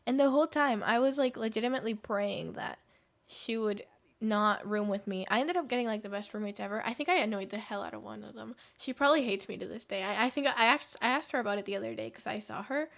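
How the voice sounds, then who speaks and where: A woman's voice: on the high side, fast talker, vocal fry, fairly bright tone. Young woman rambling through a story. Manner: rambling anecdotes with fillers and laughs. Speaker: streamer. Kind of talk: casual chat while gaming.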